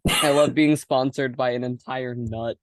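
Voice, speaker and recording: A man's voice: mid-range voice, fairly even intonation, unhurried, no echo. A young man hosting a casual podcast chat, giggly and rambling with lots of fillers. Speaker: podcast host.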